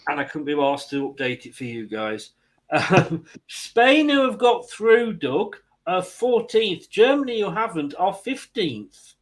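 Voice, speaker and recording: A man's voice: high voice, very animated, unhurried, rough recording. A man from England hosting a casual football chat, chatty, laughing often and restarting his sentences. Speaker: host.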